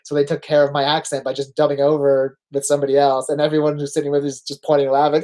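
A man's voice: fairly high pitch, monotone, quick pace, few pauses, mellow. A man in his forties with a Canadian accent, a veteran pro wrestler telling casual stories as a guest, acting out quoted lines and laughing easily. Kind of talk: casual storytelling chat.

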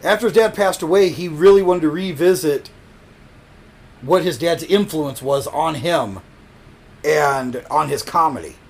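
A man's voice: a little high, unhurried. A man co-hosting a casual podcast, sharing trivia in a hesitant way full of fillers and restarts. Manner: hesitant, lots of fillers and restarts, laughs easily. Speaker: podcast co-host.

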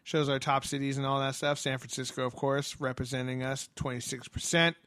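A man's voice: mid-range voice, level tone, a little fast, fairly bright tone, no room sound, clean studio sound. A man co-hosting a podcast from home, chatting casually, laughing often and swearing freely. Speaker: podcast co-host. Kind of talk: casual chat. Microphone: headphones and studio mic.

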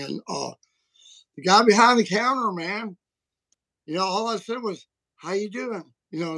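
A man's voice: a little high, gravelly, fairly bright tone, dry recording, rough recording. A middle-aged man with a Southern US accent telling rambling, folksy stories as a livestream guest. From Alabama, USA. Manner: folksy, rambling storyteller with restarts. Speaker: guest apologist. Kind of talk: casual livestream chat.

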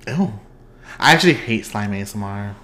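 A man's voice: lowish voice, lively intonation, a little fast, pushed and bright. Playful laughing man chatting. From Texas. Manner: playful, laughs often, acts out quoted lines. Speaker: podcast host. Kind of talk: casual chat.

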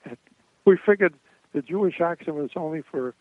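An older man telling comedy stories as a guest in a radio interview, rambling with many pauses and restarts. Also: a little high, expressive, no room sound. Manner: rambling anecdotes with frequent uh and restarts. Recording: tinny dry phone line.

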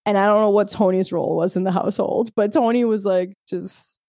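A woman's voice: medium pitch, fairly even intonation, fairly quick, warm tone, no room sound, clean studio sound. A woman co-hosting a podcast in casual chat. She swears freely, laughs often, and talks in loose, rambling stretches. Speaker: podcast co-host.

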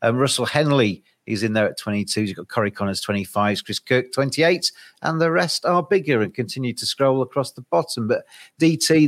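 Relaxed English podcast host. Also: male voice, mid-range voice. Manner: relaxed, joking, reads odds aloud. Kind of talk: casual podcast chat.

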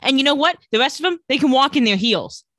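A woman chats through a TV episode recap with a bright, forward tone. Her voice sits dry and close, with no room sound. She keeps slipping into quick acted-out quotes of the characters. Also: sits high, dry recording. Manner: animated retelling with acted-out quotes. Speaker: podcast co-host recapping a TV episode. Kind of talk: casual chat.

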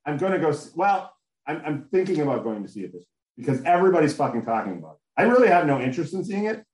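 Animated man hosting a podcast, roomy sound. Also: on the high side, very fast. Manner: animated, excitable, swears freely. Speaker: podcast host. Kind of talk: casual chat. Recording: roomy echo.

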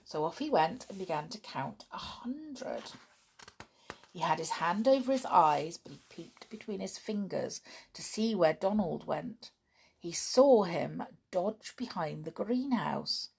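Unhurried, expressive woman storyteller. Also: lowish voice, creaky, breathy edge. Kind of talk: children's story reading.

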